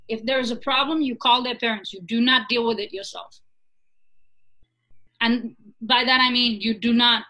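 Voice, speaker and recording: Bright-voiced woman telling a lively story. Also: fairly high pitch, rough recording. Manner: animated, asks "right?" and "you know?" often. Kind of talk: casual conversational storytelling.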